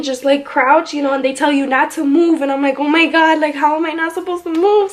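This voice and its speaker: Chatty young woman telling a story. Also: high-pitched. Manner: animated, chatty, lots of "like" fillers. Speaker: vlogger. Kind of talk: casual storytelling vlog.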